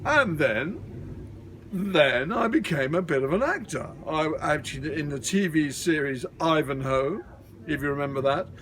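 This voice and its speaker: A middle-aged man doing a comic impression of an aging, suave British film star, talking in a slow, drawn-out, lowered voice outdoors. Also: lively intonation, fairly bright tone, slight background noise. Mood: languid. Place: outdoors at a community garden.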